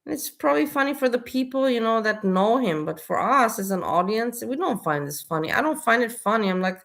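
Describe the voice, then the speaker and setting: Brief: woman with a higher voice, flatly mocking and critical as she comments on a clip. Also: fairly quick, vocal fry, hardly any pauses. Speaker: commentator reacting to a video.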